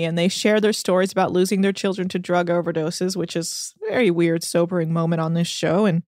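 Animated, swearing woman podcast host. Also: mid-range voice, no room sound, studio quality. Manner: animated storytelling, swears freely, acts out quotes. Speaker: podcast host recapping a reality show. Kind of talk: casual chat.

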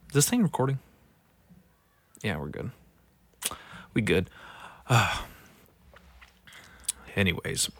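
A man's voice: on the low side, big pitch swings, slow pace, long pauses, a bit bright, no room sound. A young man hosting a solo podcast, grumbling and swearing as he reads out local headlines. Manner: profane, irritable, grumbling. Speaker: podcast host.

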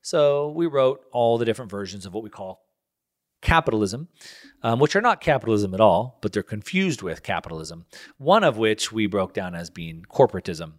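A middle-aged man hosting a show, talking off the cuff in a rambling, animated way. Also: fairly low pitch, moderate pace. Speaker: show host. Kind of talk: casual solo commentary.

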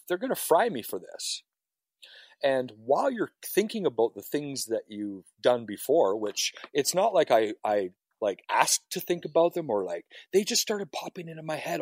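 A man's voice: medium pitch, a little mellow, slightly rough, dry recording. A firefighter being interviewed, telling his story in a raw, emotional way with frequent swearing. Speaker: firefighter guest. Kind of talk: personal story on a podcast.

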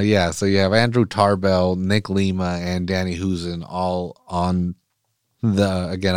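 A man's voice: low voice, clean tone, dry recording, studio quality. A man hosting a soccer podcast in casual, profane, rambling talk that wanders off on tangents. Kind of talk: casual chat.

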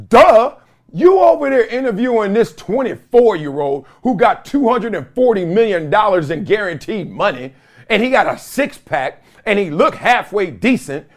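Animated high-voiced man telling stories. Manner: animated storytelling with laughs and mimicked voices. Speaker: host. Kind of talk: comedic solo talk show monologue.

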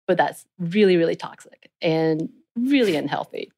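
Podcast co-host, woman in her thirties, lowish voice, animated, talks through ideas with fillers. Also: fairly quick, few pauses. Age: 30s. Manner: animated, thinking aloud with fillers. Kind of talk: casual podcast discussion.

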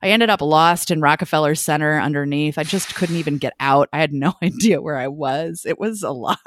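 Lower-voiced woman podcast co-host. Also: brisk, a little hiss or hum. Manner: candid, laughing, frank storytelling. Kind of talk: casual chat.

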